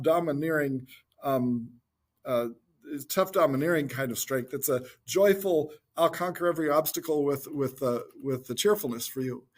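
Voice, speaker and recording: A man with a husky, breathy voice pitched a little higher than most men, teaching from scripture in a gentle, informal talk. He speaks reflectively and thinks aloud as he explains the passage. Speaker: Bible teacher.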